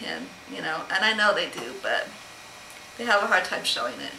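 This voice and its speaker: A woman's voice: medium pitch, animated, normal speed, gravelly, bright, forceful tone, reverberant, a little hiss or hum, rough recording. A middle-aged woman chatting casually to camera at home, rambling and laughing as she answers questions. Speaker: vlogger answering a question tag. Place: home room.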